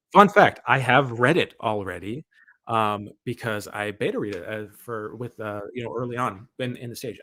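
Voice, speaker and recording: A man's voice: mid-range voice, dry recording. A man hosting a casual question-and-answer chat, rambling and joking with many hesitations. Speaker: channel host.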